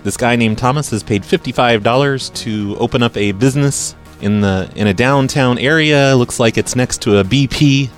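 A man hosting a prank call show, talking in a deadpan, needling way. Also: mid-range voice, normal speed, hardly any pauses, soft background music. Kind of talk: casual prank call podcast.

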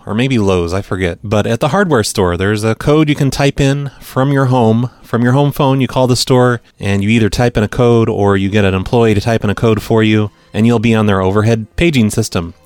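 A man's voice: medium pitch, a little mellow, dry recording. Male podcast host, middle-aged, dry sarcastic chat, dead studio sound. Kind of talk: casual chat reacting to voicemails.

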